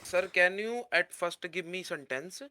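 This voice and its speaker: A man's voice: high-pitched, measured pace, sharp tone, clean tone. A man playing a polite, apologetic student who keeps calling the teacher sir. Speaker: student in the spelling bee.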